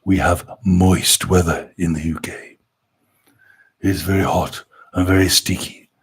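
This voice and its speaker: A man putting on a dark, eerie, posh-sounding sinister voice, slow and drawn out, during a live stream. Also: deep voice, level tone, breathy edge, pitched below the performer's own voice, exaggerated voice.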